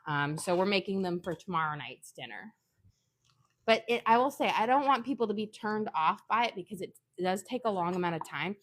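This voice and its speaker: Woman, home cook, chatty, instructional, kitchen, mid pitch. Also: expressive, fairly quick. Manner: chatty, instructional, sidetracked into anecdotes. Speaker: home cooking vlogger. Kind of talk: casual cooking demonstration.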